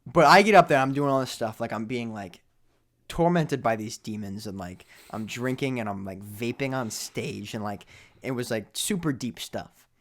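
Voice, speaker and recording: A young man cohosting a podcast, telling jokey stories in casual chat that drop to quiet mumbles and swing back up loud. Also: medium pitch, normal speed. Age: young adult. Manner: animated storytelling, jokey, trails into mumbles. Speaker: podcast co-host.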